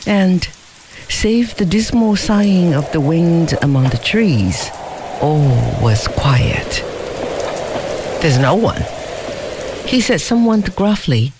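Slow, expressive audiobook narrator. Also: medium pitch, background noise. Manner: measured, expressive storytelling. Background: music.

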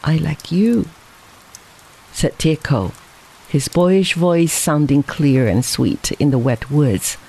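Slow, mellow storybook narrator. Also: mid-range voice, lively intonation, breathy edge, poor audio. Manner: slow, measured reading. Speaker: audiobook reader.

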